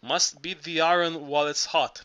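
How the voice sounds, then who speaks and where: A man's voice: fairly high pitch, fairly even intonation, moderate pace, bright, forceful tone. A man reading an audiobook aloud, voicing an earthy, boisterous older Greek working man who talks urgently and coaxingly, stumbling and restarting as he goes.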